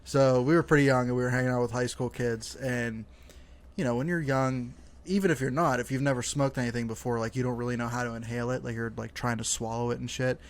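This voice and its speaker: A young man in the middle of his natural pitch range tells a casual podcast story. He rambles, leans on "like" constantly and swears freely as he talks. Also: fairly even intonation, fast talker. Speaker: podcast co-host.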